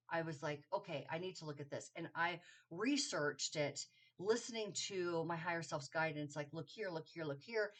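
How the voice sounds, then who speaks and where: A woman giving a casual spiritual astrology talk, rambling and correcting herself with lots of ums and okays. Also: fairly low pitch. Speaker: astrology teacher. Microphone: solo video to camera.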